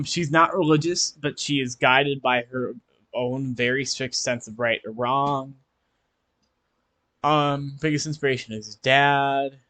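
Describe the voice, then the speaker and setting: An easygoing man co-hosts a relaxed podcast and reads contestant bios aloud, chuckling often. His voice sits mid-range and is recorded close and dry, with no room echo. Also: medium pitch. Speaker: podcast co-host. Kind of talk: casual chat reading out contestant bios.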